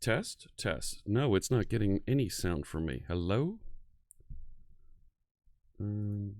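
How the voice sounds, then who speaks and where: Male live-stream host, casual and talkative, warmly greeting chat by name, very animated intonation. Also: fairly low pitch, slow, no echo, studio quality. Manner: chatty, greets viewers one by one.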